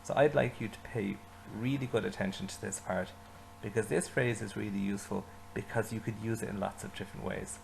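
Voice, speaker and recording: A man teaching an Irish language lesson, saying phrases slowly and asking learners to repeat them. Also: on the low side, steady tone, creaky, a little mellow, a little hiss or hum, low-quality recording. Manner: slow repetition, leading learners to say phrases with him.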